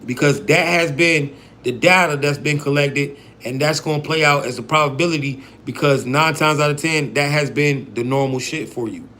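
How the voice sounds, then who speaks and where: A man's voice: fairly high pitch, moderate pace, pushed and bright, slight background noise. A man giving a casual, profane livestream talk on a mindset program, often checking in with "right?" and "bro".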